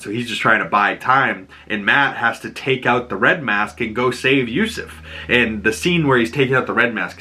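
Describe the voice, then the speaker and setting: Excitable man breaking down a TV episode. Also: on the low side. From Boston area. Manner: excited, animated, laughs often, acts out lines. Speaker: show breakdown host. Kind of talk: casual commentary.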